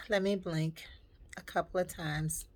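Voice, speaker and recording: Woman vlogger with a slightly low voice, heartfelt and reflective in a personal storytime. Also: slow, fairly bright tone.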